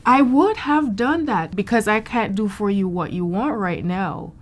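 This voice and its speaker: A woman's voice: medium pitch, measured pace. A woman patient speaking frankly and reflectively about her experience. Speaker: patient giving a testimonial. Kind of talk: candid testimonial interview.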